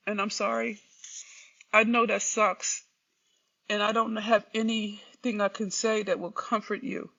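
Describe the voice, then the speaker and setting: A woman's voice: medium pitch, pushed and bright, dull audio. A woman talking candidly to her livestream viewers, rambling and emotionally raw. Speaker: livestream host. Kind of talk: unscripted livestream talk.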